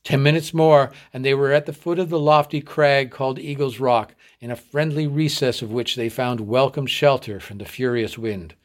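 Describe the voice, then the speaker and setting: A man from a readers' theatre reading a short story aloud in a measured storytelling voice. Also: mid-range voice, steady tone.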